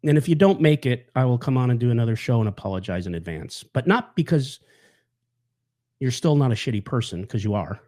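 A man's voice: medium pitch, expressive, fairly quick, darkish tone. A man hosting a show, telling a story in a blunt, angry, rambling way with heavy swearing. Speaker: podcast host. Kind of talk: casual monologue.

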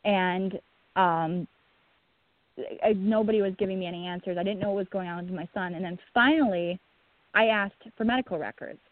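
A woman's voice: mid-range voice, no room sound. Woman telling her story over a phone line. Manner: halting, many restarts, voice breaking. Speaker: guest, bereaved mother. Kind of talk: emotional personal account.

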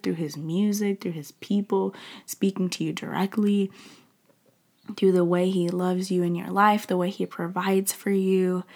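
Young woman, casual heartfelt faith talk, gravelly fry, emotional and whispery at times. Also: medium pitch, a little mellow. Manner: emotional, drops to whispers, many "like" fillers. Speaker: faith speaker.

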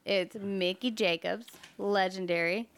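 A woman's voice: mid-range voice, steady tone, unhurried, dry recording. A woman from Texas, a podcast guest, telling a story in blunt, swearing casual talk.

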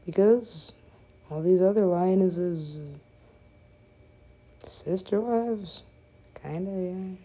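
Low-voiced woman cursing through gameplay. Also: very slow, long pauses, dark tone. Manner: profane, rambling, joking asides. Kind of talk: casual gameplay commentary.

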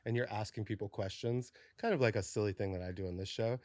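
A man's voice: fairly low pitch, quick pace, a little mellow, dry recording, clean studio sound. A man hosting a podcast in casual chat, enthusiastic and laughing along with his guest. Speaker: podcast host. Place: podcast studio.

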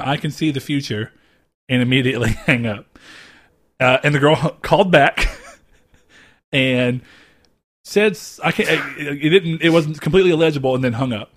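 A man hosts a casual podcast. His talk rambles and jokes, with an easy profane edge. His pitch sits in the middle for a man. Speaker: podcast host. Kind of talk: casual chat.

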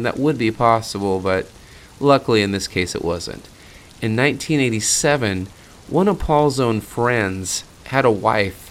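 A man's voice: on the low side, fairly bright tone, a little hiss or hum. A man hosting a true-crime podcast in a casual, blunt and sarcastic way, swearing freely. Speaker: podcast host.

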